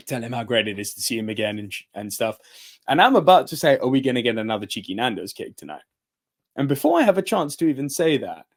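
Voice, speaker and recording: A man, co-hosting a casual chat and telling a story with lots of energy, acting out the voices of the people he quotes and laughing often. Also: medium pitch. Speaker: podcast co-host.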